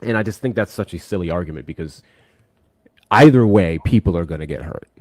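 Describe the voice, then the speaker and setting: Deep-voiced blunt man co-hosting. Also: fast, a little mellow, slightly rough, no room sound, studio quality. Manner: blunt, earnest, swears freely. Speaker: co-host. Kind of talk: casual political chat.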